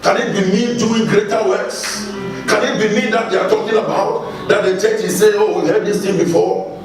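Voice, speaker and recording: Male pastor, high register, call-and-response sermon, distant mic in a big reverberant hall. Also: steady tone, normal speed. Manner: exhorting, repeats lines for the congregation to echo; reads scripture aloud and comments on it. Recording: echoey hall, distant mic, music behind.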